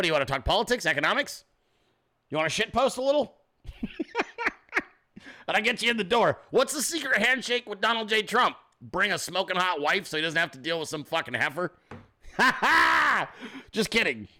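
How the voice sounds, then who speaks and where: A man hosting a podcast, with a high, bright voice that swings widely in pitch. He talks casually and profanely, cracking jokes and slipping into quick impressions of other people. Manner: profane, joking, animated mimicry of others. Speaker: podcast host. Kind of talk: casual political commentary.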